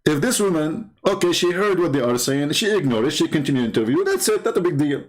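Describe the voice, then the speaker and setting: A man with a somewhat high voice hosts a commentary monologue. He mocks as he goes, repeats phrases for effect and breaks into laughter often. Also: sing-song, quick pace. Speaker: commentary host. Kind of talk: mocking monologue.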